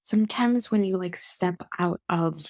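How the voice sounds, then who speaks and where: Relaxed New woman, a little low. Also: a little slow, dry recording. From New Jersey, USA. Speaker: guest, stay-at-home mom. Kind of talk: casual chat.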